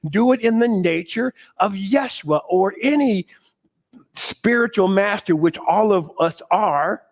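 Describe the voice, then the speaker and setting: A middle-aged man giving an animated sermon to a congregation, laughing often and leaning on preacherly emphasis. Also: sits high, measured pace. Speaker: spiritual speaker.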